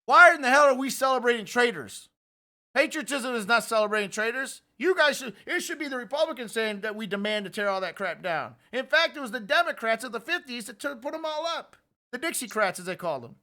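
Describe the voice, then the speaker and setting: A man hosting a political podcast, giving opinionated and animated commentary. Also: extremely high pitch, a little fast. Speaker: podcast host.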